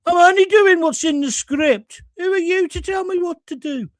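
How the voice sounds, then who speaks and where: A man putting on a shrill old cleaning lady. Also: moderate pace, no echo, studio quality. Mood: indignant. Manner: high shrill protesting voice. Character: old Brummie cleaning lady, stubborn and indignant.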